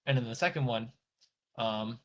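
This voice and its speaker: A man co-hosting a podcast walks through an episode in a loose, rambling way. His voice sits at an ordinary pitch, and he slips into little acted-out character lines and the odd swear word. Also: normal speed, a little hiss or hum. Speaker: podcast co-host. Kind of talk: casual recap chat.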